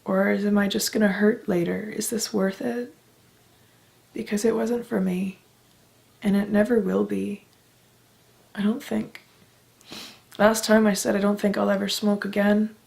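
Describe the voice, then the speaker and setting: A young woman vlogging from Canada, talking slowly with a gravelly edge to her voice. She sounds emotional and close to tears, heartfelt and earnest, and she swears casually as she goes. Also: medium pitch, little pitch movement, darkish tone. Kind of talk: candid personal vlog.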